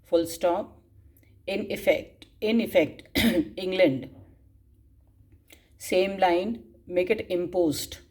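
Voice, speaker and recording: Slow-dictating woman teacher. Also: lowish voice, a little mellow. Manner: slow dictation, spelling out words and repeating phrases; frequent coughs and throat clearing. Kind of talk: dictating class notes.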